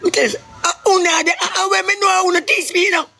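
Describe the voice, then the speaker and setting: A Jamaican man on a live stream, rambling and swinging between shouting and crying. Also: very high voice, fairly even intonation, quick pace, vocal fry. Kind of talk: emotional live stream rant.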